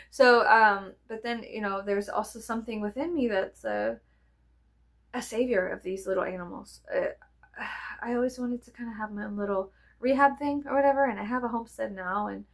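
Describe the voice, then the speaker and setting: A woman, telling rambling stories in a chatty, profane, animated way. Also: medium pitch, gravelly. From American South. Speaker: vlogger. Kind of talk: rambling casual storytelling.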